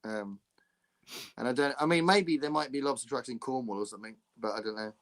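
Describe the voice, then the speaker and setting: A man's voice: medium pitch, fairly quick. A man from England, hosting a casual podcast chat over a video call, laughing often and restarting his sentences. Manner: laughs often, chatty and animated with frequent restarts. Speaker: podcast host.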